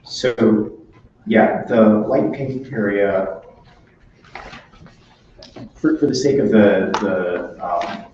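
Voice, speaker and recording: A man's voice: fairly low pitch, drawn-out words, long pauses, a little mellow, slight background noise. A man answering questions at a committee meeting in a careful, explanatory way. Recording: distant echoey chamber, dull sound.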